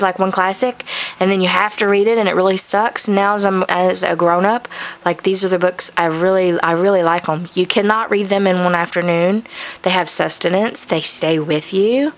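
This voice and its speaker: A young adult woman giving a casual, rambling bookshelf tour in her home studio, full of ums and likes, recorded on a camcorder. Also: mid-range voice. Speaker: vlogger. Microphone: camcorder mic.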